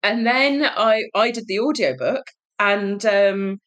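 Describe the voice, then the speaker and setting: A woman's voice: medium pitch, slow. A woman, a guest author, telling stories in casual chat and acting out quotes with laughs. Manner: animated storytelling, laughs, acts out quotes.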